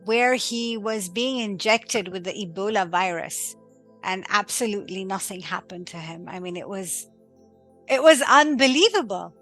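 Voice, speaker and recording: Woman podcast host, enthusiastic and exclaiming, mid pitch. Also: moderate pace, fairly bright tone, faint music behind. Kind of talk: casual interview chat.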